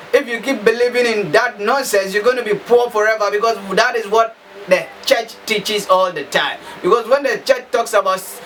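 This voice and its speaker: With a high-pitched, slightly bright voice, a man from Africa delivers a forceful monologue full of repeated phrases and rhetorical questions, speaking with passion and emphasis. The recording has a slightly distant mic and faint background noise.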